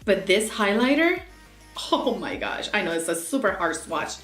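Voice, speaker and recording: A woman's voice: mid-range voice, big pitch swings, normal speed, fairly bright tone. A woman reviewing her favorite makeup in a casual vlog, gushing and often repeating words and restarting her phrases as she films herself at home. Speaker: beauty vlogger. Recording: echoey room, faint background music.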